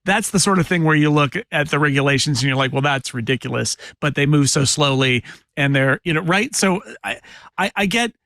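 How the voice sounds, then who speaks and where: A wry, opinionated man on a podcast panel with a fairly high voice, talking in quick bursts. The sound is dry and close. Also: lively intonation, fairly bright tone, dry recording. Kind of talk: casual panel chat.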